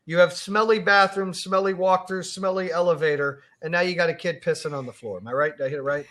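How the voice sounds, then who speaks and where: A man's voice: high-pitched, steady tone, fast, fairly bright tone. A man hosting a podcast, joking along with the story and then asking earnest questions. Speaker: podcast host. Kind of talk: casual interview chat.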